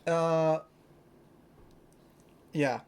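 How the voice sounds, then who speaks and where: Young brit toy collector rambling excitedly on a vlog, soft mellow tone, lots of ums and likes. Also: mid-range voice, very slow, smooth. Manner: excitable and rambling, with many fillers. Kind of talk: casual show-and-tell vlog.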